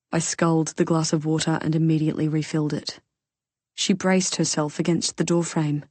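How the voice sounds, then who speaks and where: A woman narrating a first-person audiobook thriller with expressive storytelling. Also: low-pitched, normal speed, dry recording.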